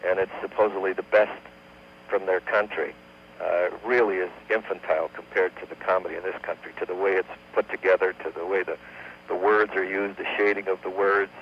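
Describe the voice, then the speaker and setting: A low-voiced man spins a long, unhurried joke as a radio guest, sometimes humming a few notes of the tune. The sound is dull and lo-fi, as on an old AM broadcast, with a faint hum underneath. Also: level tone. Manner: unhurried joke-telling with sung bits. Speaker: comedian guest. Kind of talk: radio talk show storytelling.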